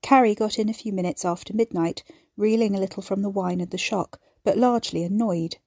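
A woman narrates a serialized story in an even, measured manner. Her voice is mellow and warm. The sound is dry and close, with no room around it. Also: medium pitch, breathy edge, no echo. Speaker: audiobook narrator. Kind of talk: scripted narration.

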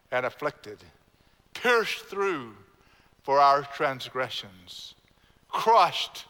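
A man's voice: on the high side, pushed and bright. A man, a pastor preaching a sermon with emphatic repetition and calling on the congregation to repeat lines. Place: church sanctuary. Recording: long church hall reverb.

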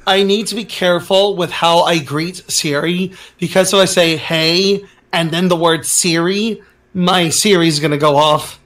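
High-voiced man, earnest and worried. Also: steady tone, a little slow, a bit bright. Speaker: podcast co-host. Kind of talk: casual chat.

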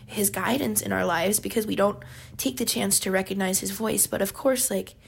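A woman's voice: medium pitch, moderate pace, vocal fry, slightly rough. A woman co-hosting a casual faith talk, explaining her points expressively with everyday examples. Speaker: podcast co-host.

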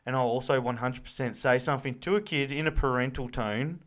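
A man's voice: medium pitch, a little fast, fairly bright tone. An Australian man in his thirties, co-hosting a casual podcast chat, blunt and fired up, swearing freely. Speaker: podcast co-host.

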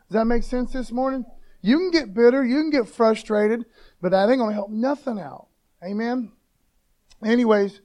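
A man preaching a sermon in a conversational, slangy way, often calling listeners "man" and rising to loud emphatic scripture reading. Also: very high-pitched, moderate pace. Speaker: pastor.

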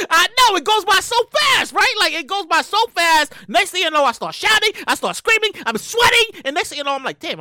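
A woman hosting her own show, ranting in a loud, profane, animated way with sudden shouted bursts. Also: sits high, no echo, clean studio sound. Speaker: show host. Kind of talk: solo comedic rant.

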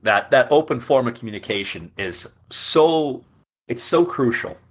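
A man's voice: medium pitch, animated, unhurried, slightly rough. A man in his thirties co-hosting a podcast, telling his own story in a candid, self-deprecating way. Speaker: podcast co-host. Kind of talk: casual podcast chat.

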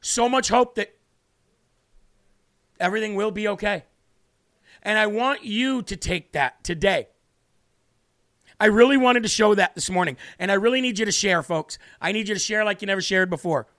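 A man's voice: sits high, moderate pace, long pauses, a bit bright. A man hosting a live stream, giving earnest, repetitive political commentary while tearing up. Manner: earnest, repetitive, tearful emphasis. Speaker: livestream host.

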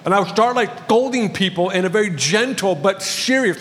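High-voiced pastor in a reverberant hall. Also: male voice, animated, a little fast, a bit bright. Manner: storytelling with light humor. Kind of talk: sermon. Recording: long reverb of a large hall.

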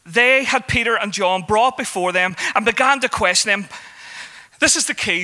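High bright-voiced male preacher. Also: normal speed. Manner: conversational, with emphatic rising exhortations. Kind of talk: sermon.

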